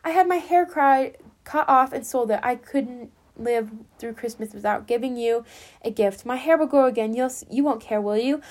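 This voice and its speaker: A woman's voice: on the high side, moderate pace, darkish tone, lightly acted. A woman voicing a young loving wife who speaks in an eager, pleading way in a storybook reading.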